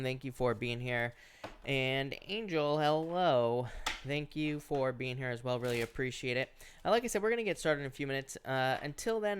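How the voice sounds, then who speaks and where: A man with a smooth, clear voice runs a relaxed live-stream tarot reading. He talks casually, padding his answers with "uh" and easygoing asides as he greets viewers one by one. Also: mid-range voice. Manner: casual, chatty, lots of filler "uh" and "is what I'd say". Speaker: tarot reader. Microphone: headset or earphones.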